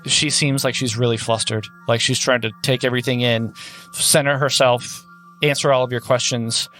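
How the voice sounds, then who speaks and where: Chatty male game master, mid pitch, faint music bed. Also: fairly even intonation, normal speed, fairly bright tone. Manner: chatty, filler-heavy, laughing. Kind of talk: narrating a tabletop game.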